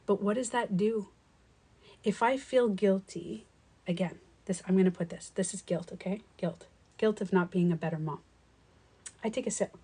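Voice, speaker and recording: A middle-aged woman coach talking casually to her viewers, telling a story with swearing, laughter and lively acted-out quotes. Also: mid-range voice, moderate pace, pauses often, husky. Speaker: life coach and author. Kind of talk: casual live-stream monologue.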